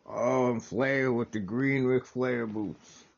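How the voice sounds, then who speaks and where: Gravelly man rambling through a watch-along. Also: mid-range voice, fairly even intonation, takes it slowly, dull audio. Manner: rambling, enthusiastic, self-correcting. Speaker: wrestling watch-along host. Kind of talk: casual commentary over a match.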